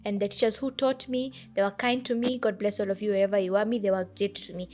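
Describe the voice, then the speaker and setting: A woman's voice: mid-range voice, fairly even intonation, quick pace, a little mellow. A young Kenyan woman co-hosting a podcast, chatting casually and repeating phrases for emphasis. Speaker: podcast co-host. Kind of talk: casual chat.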